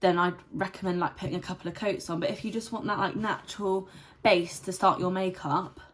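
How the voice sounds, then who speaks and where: A woman's voice: on the low side, steady tone, fairly quick, a bit bright. Chatty young woman reviewing makeup. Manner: chatty and rambling, many "like" fillers. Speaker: beauty vlogger. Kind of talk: casual product review.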